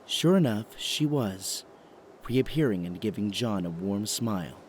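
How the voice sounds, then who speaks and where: Calm low-voiced male narrator. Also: unhurried, a little hiss or hum. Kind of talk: scripted narration of an audio drama.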